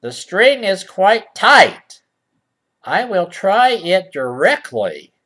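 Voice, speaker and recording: A reader voicing Cupid, a mischievous little boy with a bow, in a mock storybook reading with slow, drawn-out lines. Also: mid-range voice, big pitch swings. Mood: playful.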